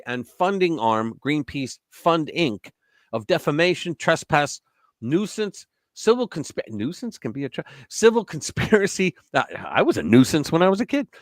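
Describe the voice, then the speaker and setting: A man's voice: on the high side, no room sound, studio quality. A man hosting a casual live-stream commentary show, blunt and profane, laughing at his own jokes. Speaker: host.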